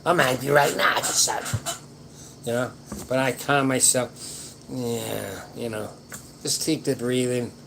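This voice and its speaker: A man's voice: mid-range voice, fairly even intonation, slow pace, vocal fry, long pauses. Older male host, casual late-night advice chat, folksy and rambling, slight background hiss. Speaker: livestream host answering viewer questions.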